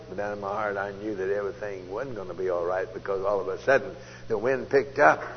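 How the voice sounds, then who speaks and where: Folksy preacher on an old tape. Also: male voice, mid-range voice, fairly quick. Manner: folksy storytelling, swings from loud outbursts to hushed asides. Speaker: preacher giving testimony. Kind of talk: testimony sermon. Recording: dull old tape recording in a large hall, faint hiss.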